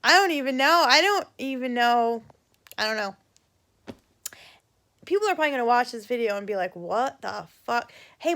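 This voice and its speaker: A middle-aged woman casually telling a childhood story on her vlog, swearing freely and acting out the quoted voices. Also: a little high. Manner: animated, swearing, acts out voices in quoted lines. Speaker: vlogger.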